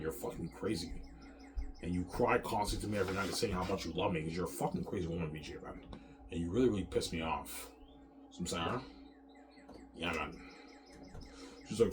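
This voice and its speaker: A man in his thirties vents in a rambling vlog, his voice sitting very low. He sounds angry and profane, circles back over the same points, and restarts sentences. A faint hiss of noise sits under him. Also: brisk. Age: 30s. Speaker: vlogger. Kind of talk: rambling personal rant to camera.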